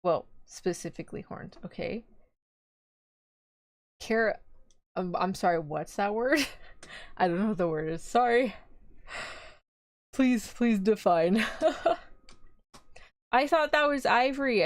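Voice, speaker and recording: A woman's voice: medium pitch, expressive, unhurried, long pauses, no room sound, clean studio sound. A young woman, chatting and giggling casually on a live stream. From Texas. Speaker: VTuber streamer.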